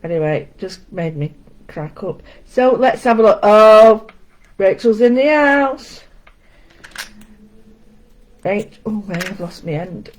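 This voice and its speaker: A woman's voice: mid-range voice, unhurried, rough recording. Chatty woman teaching art. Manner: chatty, greets viewers by name, self-deprecating asides. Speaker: art session host. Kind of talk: casual live-stream art lesson. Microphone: home setup with camera.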